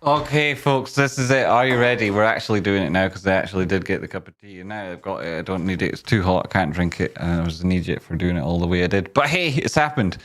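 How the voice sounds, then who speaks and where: A man's voice: low voice, fast talker, few pauses, fairly bright tone. A man hosting a casual live stream, joking and teasing as he reads viewer comments aloud and hypes up a guess-the-tune game.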